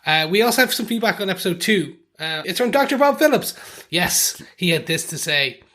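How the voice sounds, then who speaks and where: A British man co-hosting a podcast, his voice bright and a touch higher than most men's. He reads listener feedback aloud and chats loosely, trailing into restarts as he goes. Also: animated, a little fast. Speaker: podcast co-host. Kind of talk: casual chat.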